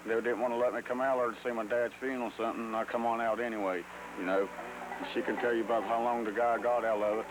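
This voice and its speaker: A man's voice: mid-range voice, flat delivery, quick pace. Plain-spoken man, noisy audio. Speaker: interviewee. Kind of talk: documentary interview.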